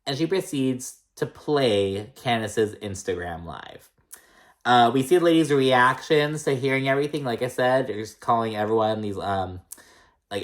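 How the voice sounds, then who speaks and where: A man casually recapping a reality TV episode in a gossipy, profane way, with lots of fillers. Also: mid-range voice.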